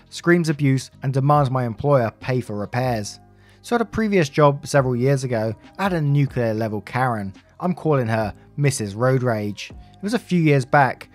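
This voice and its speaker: A man reading online stories aloud as a channel narrator, with chatty asides to viewers. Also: medium pitch. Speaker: story narrator.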